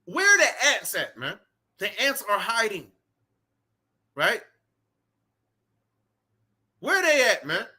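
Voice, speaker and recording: A man's voice: sits high, huge pitch swings, slow pace, long pauses, pushed and bright, breathy edge. A man preaching outdoors with fervor, reading scripture aloud and repeating "man" and "right" between lines. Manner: fervent, repetitive, peppered with "man" and "right". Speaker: street preacher. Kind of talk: impassioned sermon with scripture reading. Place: outdoors in cold weather.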